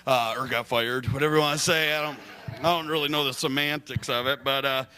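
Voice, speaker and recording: A young man from Michigan doing a stand-up comedy set in a club, hyper, loud and crude, laughing at his own jokes. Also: mid-range voice, fairly even intonation, a little fast.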